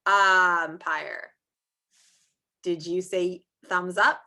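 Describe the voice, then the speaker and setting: Bright-voiced lady teacher, sing-songy, slow and stretched for little kids, sounds like a video call. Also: mid-range voice, animated. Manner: sing-song, drawn-out teacher talk for young children. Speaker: preschool teacher. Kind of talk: online small-group phonics lesson. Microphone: screen-share video call.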